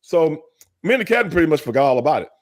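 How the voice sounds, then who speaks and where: An older man telling a story in casual chat, animated, acting out quotes and cursing freely. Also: fairly high pitch, racing. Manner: animated, acts out quotes, curses freely, laughs. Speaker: storyteller guest, former wrestler.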